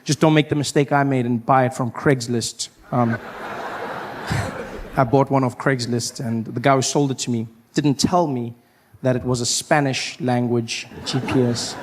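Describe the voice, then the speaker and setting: A man from South Africa with a South African accent, doing animated stand-up storytelling and breaking into loud acted outbursts. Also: mid-range voice, normal speed, a little hiss or hum. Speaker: stand-up comedian.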